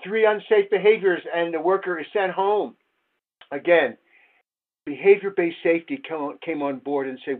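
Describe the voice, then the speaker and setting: A man's voice: a little high, moderate pace. Older man lecturing over a tinny line. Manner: wry, lecturing, rhetorical questions. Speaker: safety researcher presenting. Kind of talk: webinar slide presentation. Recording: tinny phone-like audio.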